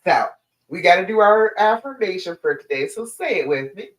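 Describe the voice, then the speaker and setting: A woman's voice: lowish voice, lively intonation, moderate pace. A woman relationship coach giving a direct, emphatic live stream talk to her listeners. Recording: echoey room.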